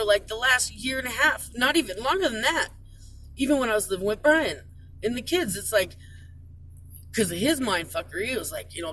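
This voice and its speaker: A tearful, distraught woman venting about her life, pleading and cursing, her voice breaking into tears. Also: medium pitch. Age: adult, parent. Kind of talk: emotional personal venting. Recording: distant mic, loud traffic noise.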